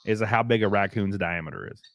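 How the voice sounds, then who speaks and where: A man's voice: on the low side, fairly quick, creaky, crowd noise. A man hosting a casual livestream chat, crude and joking, reading viewer comments aloud. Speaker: stream host.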